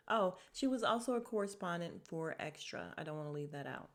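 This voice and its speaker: A middle-aged woman hosting her own podcast, talking candidly and rambling, moving from hushed and somber to loud and exasperated. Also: on the low side, animated, a little fast, hardly any pauses. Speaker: podcast host. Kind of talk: casual solo commentary.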